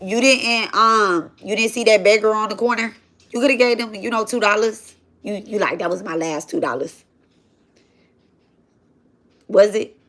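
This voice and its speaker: A woman's voice: fairly high pitch, fairly even intonation, moderate pace, fairly bright tone. A woman chatting casually on a livestream while she cooks, rambling and slangy as she tells a spiritual story. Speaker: spiritual content creator.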